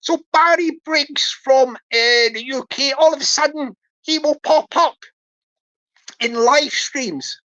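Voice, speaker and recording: Woman livestream host, high and bright, unhurried, playful, dull stream sound. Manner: chatty, giggly, playful. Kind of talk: casual livestream chat.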